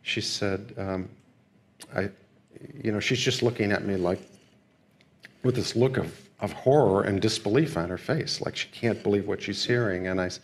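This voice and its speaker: A man's voice: on the low side, moderate pace. An older man giving a lecture, telling a personal story in a subdued, reflective and hesitant way. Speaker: guest lecturer. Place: school lecture hall.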